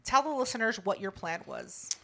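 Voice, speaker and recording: A woman's voice: on the high side, expressive, normal speed, vocal fry, bright, forceful tone. Blunt, teasing woman podcaster. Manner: blunt, teasing, heavy swearing. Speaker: podcast co-host. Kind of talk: casual podcast chat.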